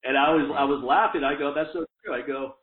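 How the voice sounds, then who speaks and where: A fast-talking man with a tinny, phone-like sound and an echo around his voice. He talks in a casual, profane, fired-up way, swearing often and laughing between points. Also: a little high.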